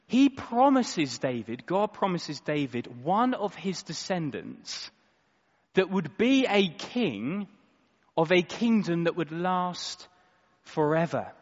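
A man preaching a sermon in a church hall, expressive and dramatic, moving between loud and quiet. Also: fairly high pitch, slow pace. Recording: echoey hall, slightly dull sound.

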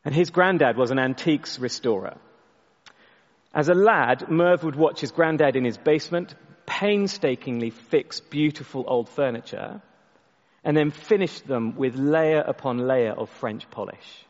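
A man preaching a sermon, telling a story and often restarting his words, sometimes dropping his voice very soft for emphasis. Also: mid-range voice, measured pace, big-room sound, highs cut off. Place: church.

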